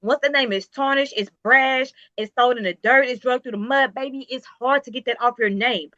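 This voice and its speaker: Woman, business owner, emphatic, repetitive, motivational, higher voice, bright tone. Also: fairly quick, no echo, dull audio. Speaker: business owner, interview guest. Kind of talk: casual interview talk.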